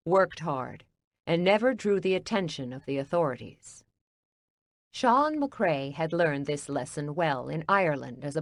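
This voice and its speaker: A woman narrating an audiobook in a measured, even storytelling delivery. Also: low voice, no echo, clean studio sound.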